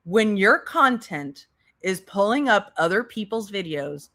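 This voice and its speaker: A woman's voice: medium pitch, lively intonation, measured pace, pushed and bright. A woman giving blunt, sarcastic commentary, speaking straight to the person she criticizes. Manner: blunt, sarcastic, addresses the subject directly. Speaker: commentary youtuber. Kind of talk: commentary over clips.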